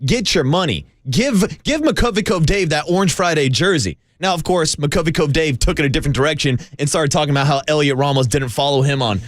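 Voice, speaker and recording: A man's voice: fairly high pitch, fairly quick, hardly any pauses, no room sound, clean studio sound. Playful, hyped sports radio man. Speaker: radio show co-host. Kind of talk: casual sports radio banter.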